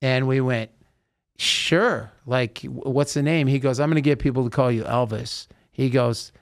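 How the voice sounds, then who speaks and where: A man hosting a podcast in a studio, telling a story with lively voiced-out quotes. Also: mid-range voice, normal speed, gravelly. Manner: animated storyteller acting out quotes. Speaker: podcast host. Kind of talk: casual storytelling chat.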